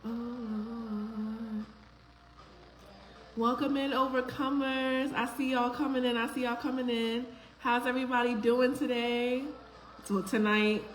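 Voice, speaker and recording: A woman hosts a casual live stream, warmly greeting her viewers by name. Her voice sits fairly high. The room is echoey, with a faint hiss of noise underneath. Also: steady tone, unhurried.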